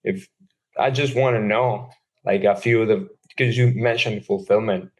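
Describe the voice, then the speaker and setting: A man's voice: lowish voice, fairly even intonation, moderate pace, darkish tone. A man hosting a podcast interview, asking loosely phrased questions and searching for words. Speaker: podcast host.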